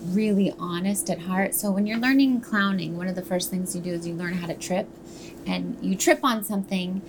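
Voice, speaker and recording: A woman's voice: lowish voice, moderate pace, background noise. A woman, a stage actress, chatting animatedly and playfully as an interview guest. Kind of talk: casual interview chat.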